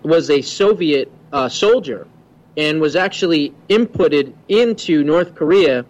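A man who is a guest on a political talk radio show, explaining his views in a steady, confident way. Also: a little high, unhurried, dull audio.

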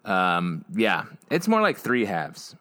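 A man with a low voice and a very lively, swinging pitch talks through an episode on a podcast. He teases his co-hosts. The recording is dry and close. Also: takes it slowly, no room sound. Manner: animated, teasing. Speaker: podcast co-host. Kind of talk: casual recap chat.

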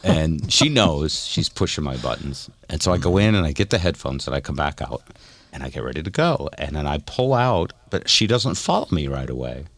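Deep-voiced animated podcast storyteller man. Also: moderate pace, no echo. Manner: animated, self-mocking storyteller. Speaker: podcast co-host. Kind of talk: casual storytelling chat.

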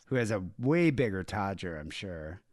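A man's voice: low voice, big pitch swings, moderate pace, no echo, studio quality. A man co-hosting a casual podcast chat, joking crudely and telling stories with animation. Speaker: podcast co-host.

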